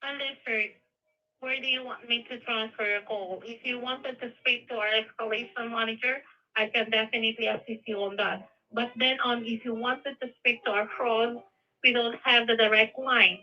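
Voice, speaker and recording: A woman's voice: a little high, steady tone, moderate pace. A female customer service agent on a phone call, speaking politely in scripted phrases. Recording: tinny phone line.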